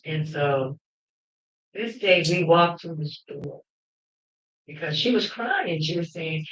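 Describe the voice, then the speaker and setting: Woman host, fervent and emphatic storyteller who breaks into shouting; muffled lo-fi sound. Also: deep voice, takes it slowly, long pauses. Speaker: livestream host. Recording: roomy, dull lo-fi livestream audio.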